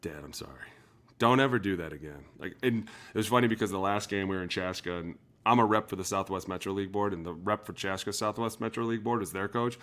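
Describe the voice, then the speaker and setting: Former pro player, male, low voice, animated storyteller, podcast chat. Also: quick pace. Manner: animated storyteller, acts out quotes.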